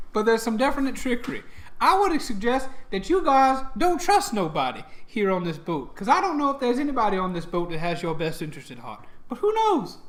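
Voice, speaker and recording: Brief: playful gnome god of humor, teasing and long-winded, done by a man in his own high, bouncy voice. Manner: chummy, rambling, teasing. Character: mischievous male gnome god of humor, jokey. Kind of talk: improvised tabletop game voice.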